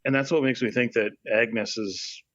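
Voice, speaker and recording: Man, middle pitch, hesitant, slow casual chat, dry, muffled lo-fi mic. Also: steady tone, no echo. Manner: slow, hesitant, thinking aloud with many fillers. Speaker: podcast co-host.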